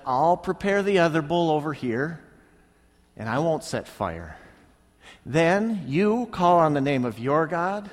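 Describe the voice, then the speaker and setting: A man preaching a sermon, retelling a Bible story and acting out the characters' lines as he goes. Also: on the high side. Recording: long hall reverb.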